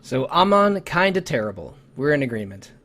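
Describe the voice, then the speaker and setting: Man podcast host, halting chat. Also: mid-range voice, very animated, fairly bright tone. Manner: halting, many restarts and fillers. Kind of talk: casual chat.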